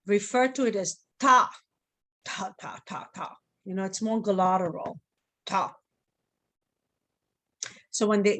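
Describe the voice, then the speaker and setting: A woman's voice: mid-range voice, fairly bright tone. Patient woman teaching a class online, checking on her students. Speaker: Hebrew teacher.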